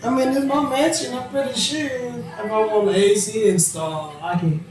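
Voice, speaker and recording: A man's voice: high-pitched, moderate pace, faint music behind. A man hosting a podcast, telling a funny story in casual chat, laughing and acting out what people said. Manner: animated storyteller, laughing, swearing, acts out quotes. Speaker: podcast host. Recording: very echoey room.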